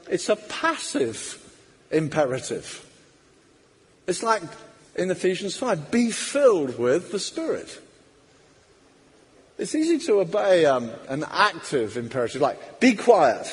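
A man's voice: high-pitched, husky. A man preaching a sermon emphatically, acting out quoted voices. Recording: long hall reverb.

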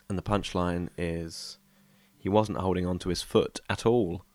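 A man's voice: low voice, fairly even intonation, a little slow, darkish tone, dry recording. A man on a comedy podcast, teasing his co-host and quizzing him about his joke. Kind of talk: improvised comedy chat.

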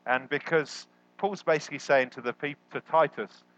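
A man preaching a sermon as a guest, animated and jokey, jumping up in pitch when he quotes people. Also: normal speed, rough recording. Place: church hall.

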